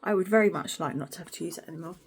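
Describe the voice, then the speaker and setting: A vlogger chats frankly in her kitchen at home, rambling, swearing, and frequently sinking into a whisper. Her voice is husky and fairly low, and she talks in a rapid-fire rush.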